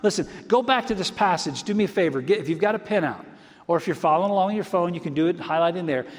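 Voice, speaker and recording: A man preaching a sermon, building emphatic peaks and dropping to a hush for effect. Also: sits high, animated, rapid-fire, in a large hall. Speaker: pastor.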